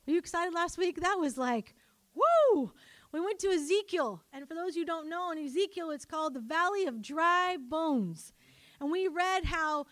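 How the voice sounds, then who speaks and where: A woman preaching a sermon, animated and calling on her congregation to answer back. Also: high voice, no room sound. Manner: animated, calls for congregation responses. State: coughing, choked up.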